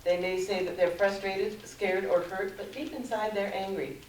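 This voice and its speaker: Speaking to a conference audience, a middle-aged woman tells her story in an earnest, measured way, reading a prepared personal talk aloud. Her medium-pitched voice is picked up from some distance in a roomy conference room, with a steady background noise beneath it.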